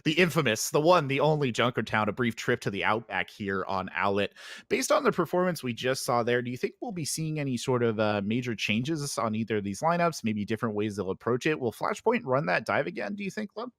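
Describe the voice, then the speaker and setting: Excitable male esports play-by-play caster. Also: mid-range voice, a little fast, dry recording, clean studio sound. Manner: excitable during fights, chatty between maps. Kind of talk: esports commentary.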